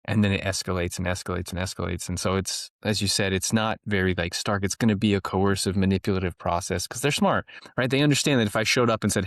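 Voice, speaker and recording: A man's voice: low-pitched, fast talker, hardly any pauses, a bit bright, dry recording, studio quality. A man being interviewed as a guest, explaining earnestly in conversation, often restarting his sentences.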